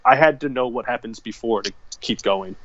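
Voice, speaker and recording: A man's voice: mid-range voice, brisk, fairly bright tone. Laid-back guy on a muffled call. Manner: laid-back, swears, mocking impressions. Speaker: podcast co-host. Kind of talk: casual chat. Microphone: remote call.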